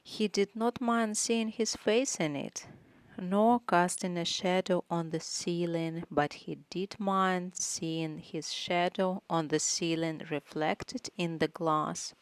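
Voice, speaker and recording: A woman reading a novel aloud in a measured, even way. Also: lowish voice, smooth, no room sound. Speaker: audiobook reader. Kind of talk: audiobook narration.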